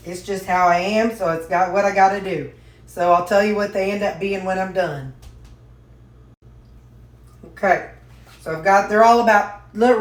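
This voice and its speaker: A folksy woman talks her viewers through a home recipe, calling them y'all as she goes. Her mid-pitched voice rings in an echoey kitchen, with pots and dishes clattering behind her. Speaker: home cooking vlogger. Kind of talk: casual cooking vlog chat.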